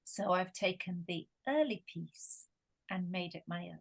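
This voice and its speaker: A woman's voice: lowish voice, measured pace. A Scottish woman speaking as a coach in an interview, earnest and emphatic. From Scotland.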